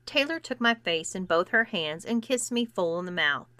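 A woman reading a story aloud in scripted narration, acting out the characters' dialogue with shifts in pitch and loudness. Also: normal speed, few pauses, no echo. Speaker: erotica podcast reader.

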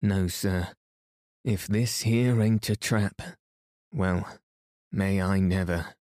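A stubborn, gruff manservant talks low and firm in a rustic way, as a man puts him on. His deep voice moves slowly and stays flat, dry and close. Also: no room sound.

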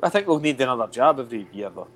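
A man's voice: medium pitch, lively intonation, rapid-fire, a bit bright, a little hiss or hum. A Scottish man, a podcast host, in sweary, laughing, teasing casual banter. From Scotland. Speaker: podcast host, former footballer.

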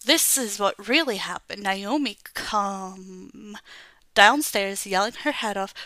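A woman reading a children's comic book aloud in a playful, expressive way. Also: mid-range voice, takes it slowly, no echo. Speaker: reader.

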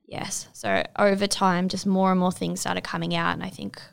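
A young woman in her twenties, giving a reflective, halting personal testimony in an interview. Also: lowish voice, little pitch movement, gravelly, clear, resonant tone. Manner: reflective, halting, many fillers.

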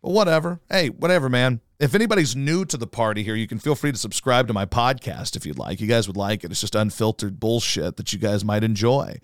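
A man's voice: lowish voice, fairly quick, hardly any pauses, no echo, clean studio sound. A man hosting his own podcast, ranting in a profane, combative, rambling way. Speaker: podcast host.

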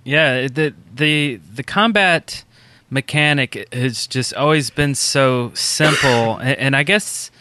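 Casting: man with a bright, sharp voice and dry close sound, halting podcast co-host. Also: medium pitch, no room sound. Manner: hesitant, halting explanations. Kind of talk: casual chat.

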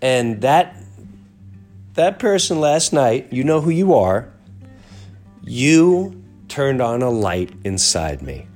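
A man's voice: medium pitch, very animated, slow pace, pauses often, a little mellow, soft background music. A middle-aged man hosting a podcast, talking in a casual monologue with a congested, stuffy nose, earnest and reflective, often trailing off and restarting. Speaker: podcast host.

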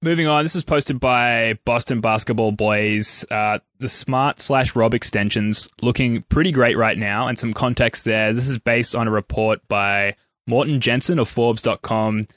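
A man's voice: medium pitch, normal speed, fairly bright tone, dry recording, studio quality. A man hosting a podcast in casual chat, steering the conversation and reading out news posts. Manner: leads the talk, reads out news posts. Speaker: podcast host.

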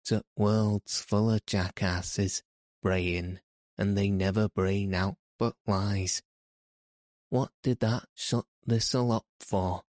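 Man doing old male gardener, broad yorkshire dialect, gruff, crabbed, slow, deep. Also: fairly even intonation, a little mellow, dry recording, studio quality. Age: older.

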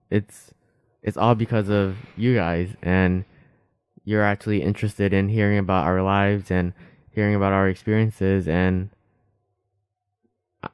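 A young male podcast co-host talks in a loose, rambling, sincere way, full of fillers and restarts. His voice is fairly low and smooth, with a clean, resonant tone. The sound is dry and close-miked. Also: a little mellow, no room sound. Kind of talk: casual heartfelt chat.

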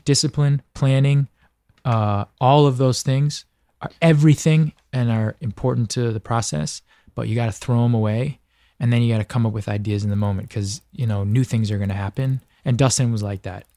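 A man's voice: medium pitch, steady tone, normal speed, warm tone, no room sound, clean studio sound. A man speaking as a podcast guest in casual conversation, earnest and reflective, often stopping and restarting his sentences.

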